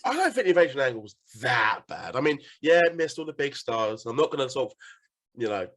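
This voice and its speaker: A man's voice: mid-range voice, sing-song, brisk, fairly bright tone. A man hosting a podcast, talking in a casual, enthusiastic way, swearing now and then and laughing often. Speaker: podcast host.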